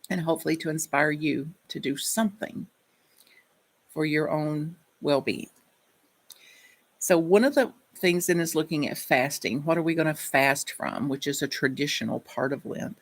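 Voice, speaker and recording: Gravelly-voiced woman giving a reflective sermon. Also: low voice. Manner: reflective, personal storytelling. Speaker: minister.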